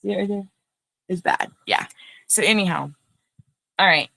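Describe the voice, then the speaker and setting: A woman hosting a loose, casual livestream, rambling from one thing to the next and calling out viewers by name. Her voice sits at an ordinary middle pitch. The sound is dry and close, with no room around it. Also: moderate pace, vocal fry, pushed and bright, no echo. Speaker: livestream host. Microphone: phone.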